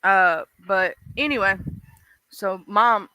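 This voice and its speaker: A woman's voice: medium pitch, slow pace, sharp tone, smooth, dry recording. A woman with a mixed Southern accent, chatting casually on a live stream and talking straight to her viewers in a folksy way.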